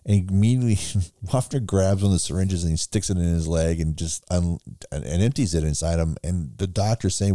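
Low dark-voiced guy rambling through a movie recap, dry close mic. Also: brisk, few pauses, no echo. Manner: rambling retelling with acted-out quotes. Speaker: podcast co-host recapping a film. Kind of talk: casual film recap chat.

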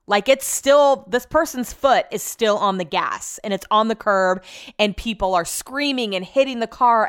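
A young woman tells a personal story in a casual, conversational way. Her delivery is animated and emphatic, sprinkled with filler words, and her voice sits at an average pitch for a woman. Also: smooth.

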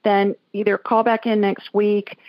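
A woman's voice: mid-range voice, flat delivery, a little slow, dry recording, lo-fi sound. A woman from Alabama hosting a call-in radio show, talking in a chatty, folksy way. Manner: chatty, folksy, laughs easily. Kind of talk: casual call-in chat.

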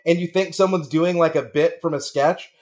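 High-voiced, jokey interjecting man. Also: fairly even intonation, darkish tone. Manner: quick jokey interjections, laughs often. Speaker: podcast co-host. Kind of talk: casual chat.

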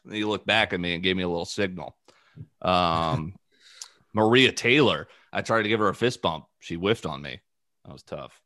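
A man's voice: sits low, moderate pace, no echo, clean studio sound. Profane young man hosting a podcast. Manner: loose, profane, animated storytelling. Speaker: podcast host. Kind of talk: casual chat.

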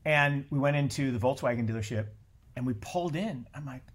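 A middle-aged man speaks as a podcast guest in an easy, unscripted conversation. His voice sits in an ordinary middle pitch, and he talks in a blunt, animated way, swearing freely and tripping over restarts as his thoughts rush ahead. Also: brisk. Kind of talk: casual conversation.

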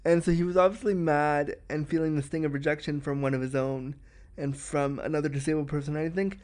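A man's voice: fairly high pitch, steady tone, a little mellow. Frank, chatty male podcast host. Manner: frank and chatty, says he talks fast. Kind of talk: candid film commentary.

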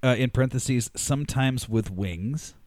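A man's voice: medium pitch, measured pace, a little mellow, no room sound. Northwest american guy hosting a podcast, reads off a list, cusses a lot, dry mic. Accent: Pacific Northwest American. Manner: swearing, laughing, reads facts from a list. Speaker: podcast co-host. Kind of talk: casual chat.

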